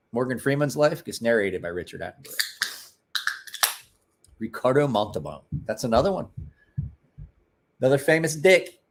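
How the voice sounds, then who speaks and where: Man, mid-range voice, loose profane livestream host chatting with viewers. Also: medium pitch. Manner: rambling, profane, joking asides to chat. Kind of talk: casual livestream chat.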